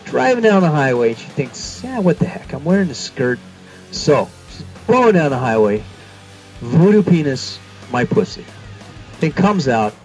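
A man's voice: medium pitch, poor audio. A man co-hosting a casual talk podcast, telling a long joke and jumping into little character voices. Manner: animated storyteller, jumps into character voices. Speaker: podcast co-host.

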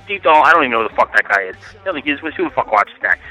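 A man's voice: mid-range voice, sing-song, racing, bright, forceful tone, faint music behind, rough recording. A man leaving a profane, ranting voicemail. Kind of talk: angry phone rant.

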